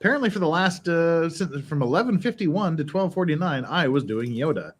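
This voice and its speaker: Husky man chatting while building Lego. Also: on the high side, expressive, brisk. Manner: rambling, joking, swearing, talks to himself while building. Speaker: streamer building Lego sets. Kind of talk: casual live-stream chat.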